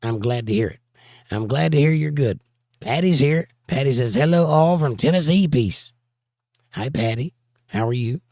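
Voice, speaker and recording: Hoarse guy reading chat on his stream, playful jokes, dry close sound, mid pitch. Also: moderate pace, warm tone, no echo. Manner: joking, playful banter. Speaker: livestream host reading chat. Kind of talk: casual chat.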